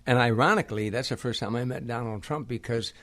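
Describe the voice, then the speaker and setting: An older man, a comedian from the Midwest, telling lively anecdotes in an interview and acting out the people he quotes. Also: medium pitch, quick pace. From Harvey, Illinois. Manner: animated anecdotes, acts out quoted voices. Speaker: guest comedian. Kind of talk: storytelling in a podcast interview.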